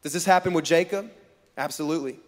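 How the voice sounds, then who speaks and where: Talking fast in a fairly high voice, a preacher on stage in a large hall shares a funny story with a live audience. He's animated, voices the dialogue and trades jokes with the crowd, and the recording has a long hall reverb.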